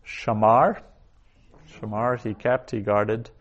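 A man's voice: lowish voice, lo-fi sound. A man teaching a recorded language lesson, saying each word twice and then explaining it. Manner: slow, repeats each word twice before glossing it. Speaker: Hebrew teacher.

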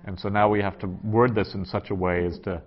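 A man teaching a class, working through a translation aloud in a halting way with many fillers. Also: fairly low pitch, level tone. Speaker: Greek teacher. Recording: dull lo-fi classroom recording.

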